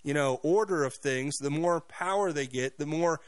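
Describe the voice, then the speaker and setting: A fairly high-pitched man hosts a radio talk show, rapidly mocking and sharing his opinions while repeating himself and restarting often. No echo is present.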